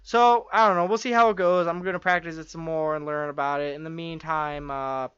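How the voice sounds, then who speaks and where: An eager man chats on a podcast, rambling through restarts and fillers in a fairly high, smooth voice. The recording is dull and lo-fi, with a dry, close sound and no room echo. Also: fairly even intonation, a little fast, a bit bright. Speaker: podcast co-host. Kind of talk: casual chat.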